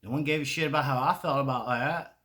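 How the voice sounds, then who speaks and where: Rambling Southern man with a bright voice. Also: medium pitch, quick pace. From American South. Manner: rambling, profane, laughs often. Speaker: video creator. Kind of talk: casual rambling monologue.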